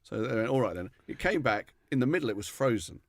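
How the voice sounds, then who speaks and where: A man's voice: mid-range voice, lively intonation, fast, dry recording, clean studio sound. Frank, chatty man. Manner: chatty storyteller, frank and self-deprecating. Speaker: podcast co-host. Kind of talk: casual comedic chat.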